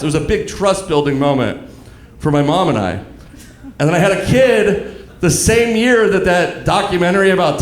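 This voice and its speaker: A man in his thirties performing a stand-up comedy set, telling dark stories in a deadpan way with asides to the audience. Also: high-pitched. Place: comedy club stage, live audience. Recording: echoey club room with crowd laughter.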